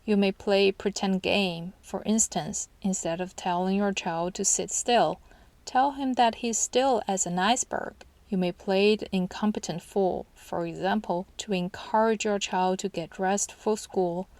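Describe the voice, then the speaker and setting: A woman reading a scripted parenting book summary in a calm, steady, instructional way. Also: mid-range voice, a little slow, no echo. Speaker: parenting channel narrator.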